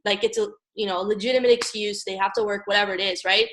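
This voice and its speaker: A young woman from Maryland giving an energetic motivational coaching talk, repeating "guys" and "okay" and acting out phone calls. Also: medium pitch, fast, low-quality recording. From Maryland, USA. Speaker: network marketing team leader.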